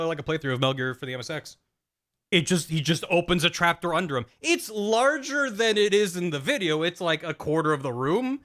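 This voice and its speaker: A man's voice: a little high, sharp tone, clean tone. A man streaming and chatting casually about his own video, rambling with fillers and self-deprecating asides. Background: faint music.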